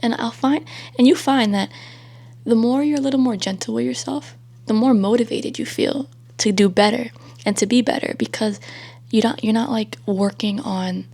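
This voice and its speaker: A young woman chats casually in a soft, breathy near-whisper that stays gentle and reassuring. Her voice sits a touch high, with a husky, gravelly texture. She rambles loosely and fills her sentences with easy fillers. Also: moderate pace. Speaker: vlogger. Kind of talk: casual self-help chat.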